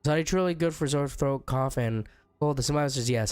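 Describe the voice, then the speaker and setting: A young man streaming a game who is sick and sounds rough. He chats casually, reads chat aloud and jokes with viewers. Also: medium pitch, quick pace, darkish tone, dry recording. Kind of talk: casual chat while gaming.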